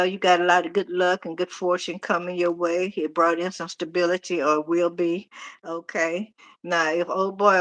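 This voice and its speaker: A middle-aged woman, casually reading tarot on a live stream, animated and talking straight to viewers. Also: on the low side. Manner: chatty, animated, talks to viewers directly. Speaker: tarot reader.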